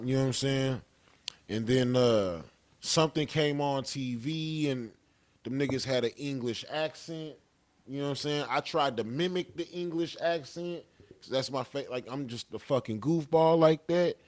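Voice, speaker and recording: A young man tells a story in relaxed podcast chat. His voice sits in an ordinary middle range. He talks loosely and profanely, and keeps tossing in "you know what I'm saying.". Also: medium pitch. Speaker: podcast guest. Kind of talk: casual storytelling.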